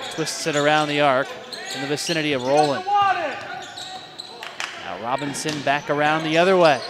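A man calling a college basketball game play by play, with quick calls and stat rundowns. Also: on the high side. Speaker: play-by-play announcer.

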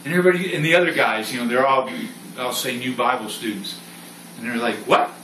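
A man teaching a Bible study with a bright, forceful voice that rises when he gets going. He is caught from across a roomy space, with a faint hiss underneath. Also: mid-range voice, fast talker. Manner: animated storytelling, reads scripture aloud. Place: room with a small study group. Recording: roomy sound from a distant mic with faint noise.

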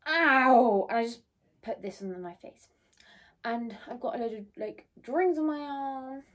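A woman's voice: a little high, expressive, normal speed, mellow. A young woman in her bedroom, chatting to her phone camera in a rambling, bubbly way. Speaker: vlogger. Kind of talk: casual chat to camera. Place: bedroom at home. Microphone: phone on a ring light.

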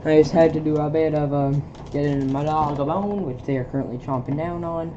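A woman at home reading a film script aloud for laughs, stumbling over lines in a deadpan way. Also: low voice, brisk, muffled recording, noisy background. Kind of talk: casual comedic script reading. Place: home with a pet dog.

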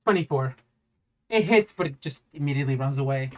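Low-voiced woman game master, rambling. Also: animated, fairly quick. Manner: rambling, stop-start, swears casually. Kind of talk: casual tabletop game narration.

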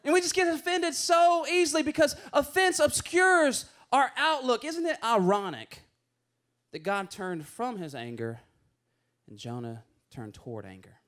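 A man preaching a sermon, animated and playful, acting out voices as he tells stories. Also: very high voice, unhurried. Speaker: pastor.

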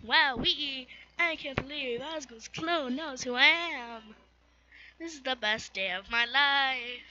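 Streamer putting on a loud excitable skeleton. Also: high-pitched, takes it slowly, pitched above the performer's own voice, exaggerated voice. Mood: overjoyed. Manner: loud gushing enthusiasm. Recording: dull lo-fi recording, faint hiss.

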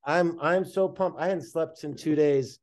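A man guest artist telling a long story in casual talk, animated and slangy, swearing freely. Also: on the high side, measured pace.

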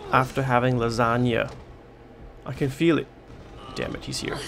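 A man's voice: mid-range voice, steady tone, measured pace, gravelly, pauses often, fairly bright tone, a little hiss or hum. A man giving jittery, swear-filled commentary while playing a horror game, repeating himself when scared. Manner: panicky, swearing, repeating himself under stress. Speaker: gaming YouTuber.

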